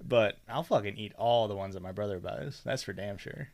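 Male podcast co-host, low-ish voice, loose and profane, quick to laugh. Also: gravelly, darkish tone. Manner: swears freely, laughs often, rambling asides. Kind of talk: casual banter.

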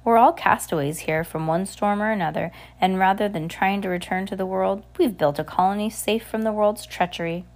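A woman reading aloud and voicing a genial older male island leader who speaks cordially with gentle authority. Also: medium pitch, brisk, hardly any pauses, natural voice. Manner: cordial, smooth, gently commanding.

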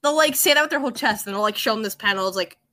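A woman guest on a casual podcast, talking in animated, fast rants packed with "like". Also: on the high side. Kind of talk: casual chat.

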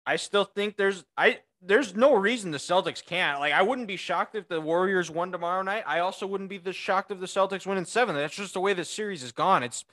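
A man with a Midwestern accent co-hosting a podcast, casually rattling off sports stats with quick restarts. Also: sits high, fairly bright tone. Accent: Midwestern American. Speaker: podcast co-host.

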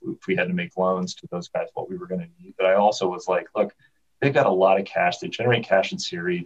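Man, podcast guest, rapid and animated, husky, heard on a dull, faraway remote line. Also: low voice. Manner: animated storyteller, many restarts. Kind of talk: casual chat. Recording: dull, distant remote audio.

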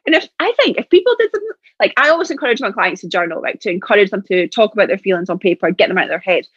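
A woman's voice: mid-range voice, lively intonation, rapid-fire, fairly bright tone, slightly rough, no echo. A woman guest chatting casually on a podcast, self-mocking and talkative. Her voice has a dull, muffled tone and sounds close and dry, with no room around it. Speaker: guest, coach. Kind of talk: casual chat.

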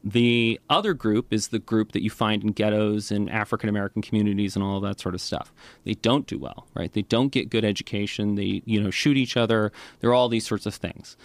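A man's voice: lowish voice, dry recording. Chatty man explaining with many fillers. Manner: lively, frequent "right?" and "you know" fillers. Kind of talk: casual conversational explanation.

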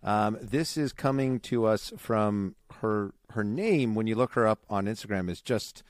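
A man's voice: fairly low pitch, unhurried, no room sound. A young man co-hosting a casual podcast, chatty and giggly with lots of ums. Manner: chatty, giggly, many fillers. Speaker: podcast co-host.

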